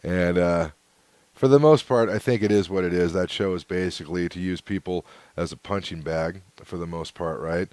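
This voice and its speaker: A man's voice: low voice, moderate pace, a little mellow, dry recording. A man hosting his own podcast, rambling casually through hate mail with lots of fillers and chuckles. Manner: laid-back and rambling, with frequent fillers and chuckles. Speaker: podcast host.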